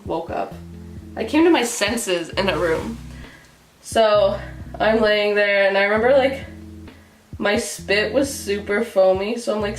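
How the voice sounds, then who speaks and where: A young woman vlogger telling a story casually, animated and giggly, full of fillers. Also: medium pitch. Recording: roomy with faint music.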